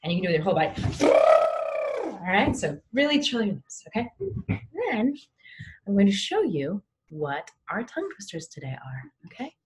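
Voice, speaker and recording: A woman teaching artist leading a home lesson, lively and encouraging as she demonstrates each exercise. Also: mid-range voice, moderate pace, pauses often. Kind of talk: guided lesson for kids at home.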